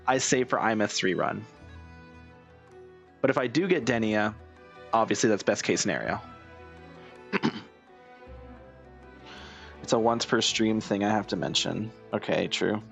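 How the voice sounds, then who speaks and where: A man's voice: medium pitch, creaky, fairly bright tone. Giggly rambling young streamer man. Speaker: game streamer. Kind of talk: casual gameplay chat. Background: game music.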